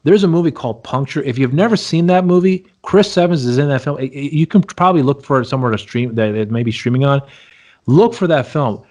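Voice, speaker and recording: A man's voice: medium pitch, lively intonation, quick pace, a little mellow. A man co-hosting a laid-back movie review podcast. He talks in a loose, rambling way and circles back over his own points. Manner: rambling, repeats himself, plugs socials. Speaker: podcast co-host. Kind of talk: casual movie review chat.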